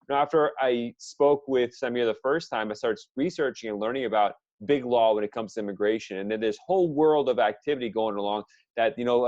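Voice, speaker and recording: A man's voice: fairly low pitch, darkish tone, no echo, muffled recording. A man hosting a legal podcast, talking casually with many fillers as he interviews a guest. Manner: friendly, filler-heavy, chatty. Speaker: podcast host.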